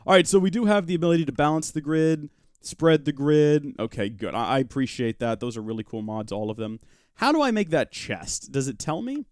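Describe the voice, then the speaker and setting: Slightly high, animated and brisk, the man's voice comes through at studio quality with no room sound. He's hosting a live gaming stream of a Minecraft modpack, narrating his let's-play and chatting casually with viewers. Expect chatty banter, joking asides, and remarks directed at chat and his pet rock in the game.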